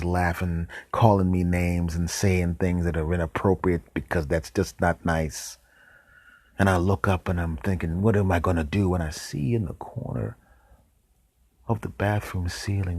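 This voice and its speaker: A man with a deep, husky voice spins an absurd comic tale in a straight-faced monologue. He slips into hushed asides now and then, and the sound is close and dry. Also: no room sound. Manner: deadpan tall tales with whispered asides. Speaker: podcast host.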